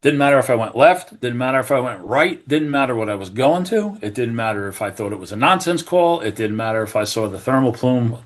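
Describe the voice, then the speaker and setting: A middle-aged man from New Jersey, a retired fire captain, telling a story as a podcast guest in an earnest, animated way, acting out what people said. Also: medium pitch, brisk, few pauses. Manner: earnest, animated, acts out quoted remarks, many restarts. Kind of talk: conversational storytelling.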